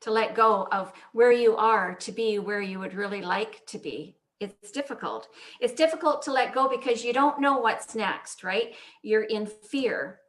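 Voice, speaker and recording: A woman's voice: medium pitch, animated, unhurried, hardly any pauses. A woman in her sixties giving a sermon as guest minister over a video call, telling a story in an easy, conversational way. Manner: warm storyteller, breaks off to fix screen sharing with soft laughs. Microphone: video call microphone.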